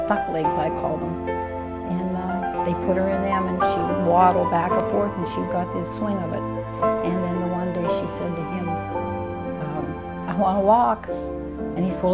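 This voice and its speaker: This older woman, interviewed for a documentary, tells of being a foster mother with homespun charm, folksy grammar, and acted-out dialogue. Her lowish voice is flat and unhurried. The recording is low-quality, with music under her speech.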